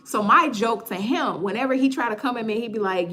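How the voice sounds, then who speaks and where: A young woman, hosting a casual livestream chat, joking, animated, often stammering and repeating herself. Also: fairly high pitch, fast, hardly any pauses. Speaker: livestream host.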